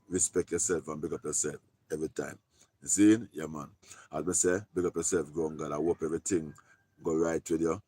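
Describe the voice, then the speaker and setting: Deep-voiced Jamaican man chatting on a live stream. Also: dark tone, husky. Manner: loose patois talk, repeating "big up" and "yeah, man". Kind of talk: casual live-stream chat with shout-outs.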